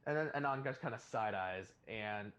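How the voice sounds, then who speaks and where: Male player at a tabletop game, lowish voice, chatty, self-mocking. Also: moderate pace, a bit bright. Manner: chatty, self-deprecating, exclaiming. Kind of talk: casual tabletop game chat.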